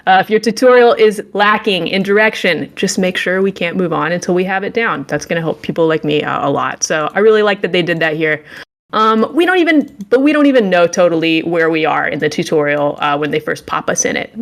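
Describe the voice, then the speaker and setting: Young female co-host, a touch low-pitched, sarcastic and playful, acts out the scenes as she retells them. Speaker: podcast co-host reviewing games. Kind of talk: casual comedic game recap.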